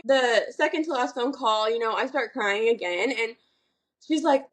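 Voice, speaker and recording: A young woman with a fairly high voice vents on a casual podcast. She tells her story hotly and bluntly, with a lot of profanity. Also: normal speed. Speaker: podcast co-host.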